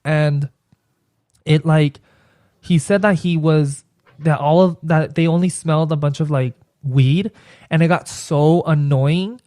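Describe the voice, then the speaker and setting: A man's voice: fairly high pitch, fairly even intonation, a little slow, mellow, dry recording, clean studio sound. A young man with a Mexican accent, a podcast guest chatting casually and often hesitating and repeating himself. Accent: Mexican Spanish. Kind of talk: casual chat.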